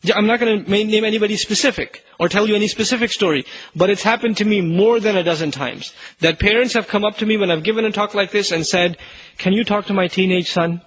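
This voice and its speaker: An earnest male preacher lecturing an audience, his high-pitched voice husky and a bit breathy. He pushes his warnings with urgent emphasis. It sounds like a lecture carried over a radio broadcast. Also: quick pace, fairly bright tone, rough recording. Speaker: Islamic speaker.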